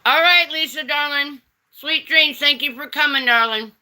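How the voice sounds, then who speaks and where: A woman's voice: sits high, moderate pace, pushed and bright. A woman hosting a casual livestream, reading chat and teasing viewers with pet names like honey and darling.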